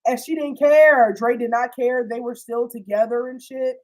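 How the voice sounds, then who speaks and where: A young woman with a slightly high voice, talking through a show's plot in a loose, slangy storytime way. She swears freely and acts out the characters' lines as she goes. Her delivery stays animated the whole way through. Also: moderate pace, poor audio. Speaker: host recapping a TV series. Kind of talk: casual storytime chat.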